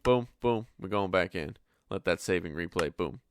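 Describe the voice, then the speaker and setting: A man's voice: low-pitched, steady tone, moderate pace, a little hiss or hum. A man hosting his own gameplay channel, chatting casually and swearing freely, his voice tired from many takes. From Canada. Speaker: gaming channel host. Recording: faint background music.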